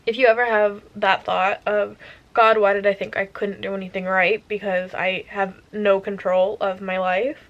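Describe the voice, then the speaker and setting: A woman's voice: mid-range voice, little pitch movement, moderate pace, lo-fi sound. A young woman chatting casually about a book she is reading, gushing and rambling, sometimes dropping to a whisper. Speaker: reading vlogger.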